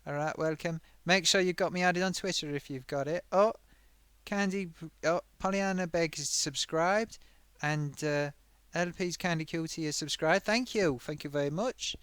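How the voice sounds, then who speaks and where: A man's voice: on the high side, normal speed, a bit bright, clear, resonant tone, no room sound, natural voice. A man voicing a chatty talking sock puppet who hosts a live stream. He rambles, reads out viewer comments and hums to himself while he reads.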